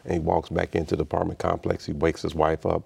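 A man's voice: low-pitched, monotone, fast, vocal fry, a little mellow, slightly rough. A middle-aged man from Chicago, a guest in an interview, tells a personal story with animation and acts out the voices of the people in it. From Chicago, United States. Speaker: interview guest, state official.

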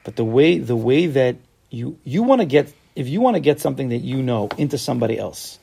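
A man teaching a casual Torah class, animated, acting out little dialogues and asking rhetorical questions. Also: medium pitch, fairly quick, gravelly, a little hiss or hum.

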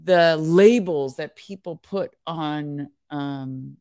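A woman's voice: low-pitched, very slow, dark tone, dry recording, clean studio sound. A woman co-hosting a devotional podcast, reading scripture aloud in an earnest voice and chatting casually between passages.

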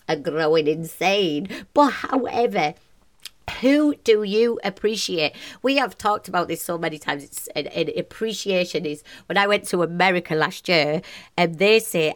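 A woman in her forties hosts a cheerful motivational podcast. She talks with bubbly passion and breaks into laughter often. She sounds chatty and upbeat. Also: lowish voice. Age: 40s. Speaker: podcast host.

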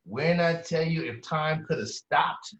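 A man, a therapist, telling stories with energy and slang in a conversation, often jumping into high-pitched quoted voices. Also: measured pace, a bit bright. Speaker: therapist, interview guest. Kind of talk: animated storytelling in conversation. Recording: roomy, distant, dull-sounding mic.

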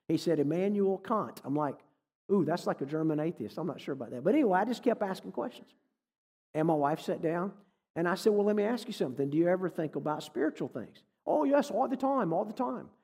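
A man's voice: fairly high pitch, mellow, husky. Folksy man preaching in a reverberant hall. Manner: folksy, conversational, jokes with the audience. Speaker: guest speaker. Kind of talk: sermon with storytelling. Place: church hall.

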